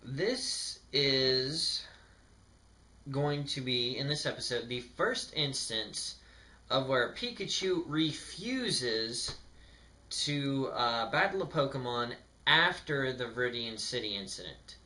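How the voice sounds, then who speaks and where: Young guy slowly rambling thru an episode recap, bright tone, lots of ums, sarcastic. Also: medium pitch, animated. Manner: rambling, sarcastic, filler-heavy. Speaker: anime episode reviewer. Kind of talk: casual commentary.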